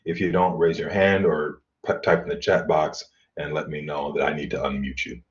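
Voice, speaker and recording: A middle-aged man teaching an online college class, explaining in a relaxed way with fillers and throat clearing. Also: very deep voice, normal speed. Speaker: college instructor. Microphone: computer mic on video call. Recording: dull lo-fi video call audio.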